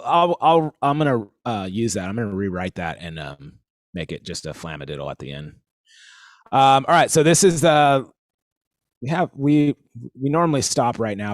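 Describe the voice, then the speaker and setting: A man teaching a live online drum warm-up class, talking in a halting way full of fillers, counting in and singing rhythms aloud. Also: medium pitch, dry recording, clean studio sound.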